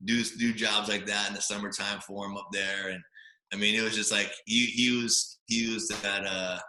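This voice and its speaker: A man in his forties from Hawaii, a podcast guest telling stories in a lively, casual way, full of fillers and "right?" tags. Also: lowish voice, normal speed. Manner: animated storyteller, many fillers and tag questions. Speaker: podcast guest, former quarterback. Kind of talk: storytelling in a casual interview. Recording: roomy echo.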